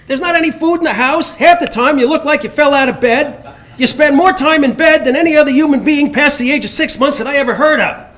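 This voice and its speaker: A man's voice: very high voice, fairly quick, voice pushed up. A man reciting a film scene, voicing an exasperated man who rants at his partner about the messy house. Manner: shouting, fed-up rant.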